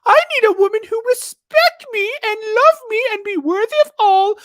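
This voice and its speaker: A man voicing a mocking impression of a whiny, self-pitying man with a squeaky, sobbing voice. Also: moderate pace, a bit bright, no echo. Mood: mocking whine.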